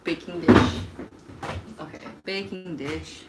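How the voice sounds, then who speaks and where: A young woman with a slightly low voice chats casually while baking on a livestream in her kitchen. She jokes about her own cooking and talks back to viewers' comments. Steady noise sits under the home stream. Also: takes it slowly. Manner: chatty, self-deprecating, reads viewer comments aloud.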